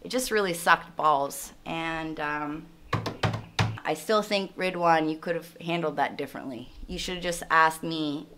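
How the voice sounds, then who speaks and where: Woman, thirties, bright tone, chatty pronunciation commentary. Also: low-pitched, unhurried, slight background noise. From Canada. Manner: chatty, mixes English with Indonesian words. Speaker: host. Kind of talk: casual commentary on English pronunciation.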